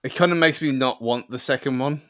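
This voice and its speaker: A man's voice: medium pitch, brisk, a bit bright, no room sound, studio quality. A man co-hosting a podcast in casual chat, hesitant and often laughing. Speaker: podcast co-host.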